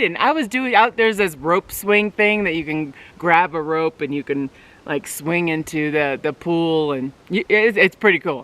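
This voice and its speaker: A woman vlogger telling a casual story, getting animated with sudden high bursts when excited. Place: outdoors at a forest cabin.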